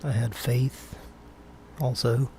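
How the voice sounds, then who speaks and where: A man's voice: medium pitch, steady tone, slow pace, warm tone, slight background noise. A man hosting a prank call show, offhand and goofy between calls. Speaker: host.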